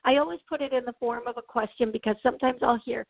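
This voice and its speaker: A woman hosting a call-in radio show as a psychic medium, chatty and reassuring, often clearing her throat. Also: fairly high pitch, quick pace, no echo. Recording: tinny phone-like sound, dry.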